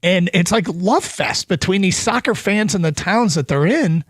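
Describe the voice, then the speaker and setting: A man's voice: high-pitched, moderate pace, no room sound, studio quality. Enthusiastic sports radio host man. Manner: enthusiastic, animated. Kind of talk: casual sports radio chat. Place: radio studio.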